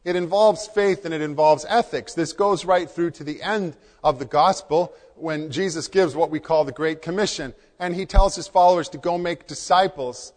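In a church, a pastor preaches a sermon in a fairly high voice at a moderate pace with few pauses. He is earnest and repeats key phrases for emphasis, and a long hall reverb trails his words.

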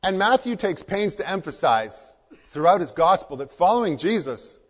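A man's voice: sits high, very animated, moderate pace. A man preaching as a pastor in church, earnest and repeating key phrases for emphasis. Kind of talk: sermon. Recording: long hall reverb.

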